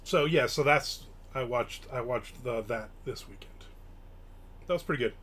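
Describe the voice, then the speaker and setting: A middle-aged man hosting a live stream, rambling casually with lots of fillers and sudden bursts of excitement. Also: medium pitch, moderate pace, slight background noise. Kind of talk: casual chat, reading and answering chat.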